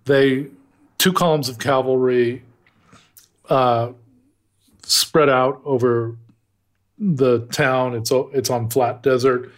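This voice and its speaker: A man's voice: medium pitch, fairly even intonation, takes it slowly, pauses often. An American man co-hosting a casual history chat, telling stories in a wry, digressive way and chuckling at his own anecdotes. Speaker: podcast co-host.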